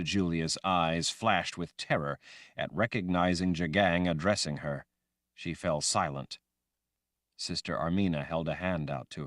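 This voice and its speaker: A man reading a fantasy audiobook aloud in a dramatic, expressive way. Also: sits low, a little slow, dry recording, studio quality. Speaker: audiobook narrator. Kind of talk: scripted fantasy audiobook narration.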